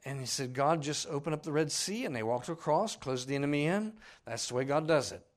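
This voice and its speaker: A preacher delivers a sermon in a fairly high voice full of rising and falling pitch. He swings from loud, shouting lines to hushed ones and plays out the voices of the people in his story. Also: lively intonation, brisk.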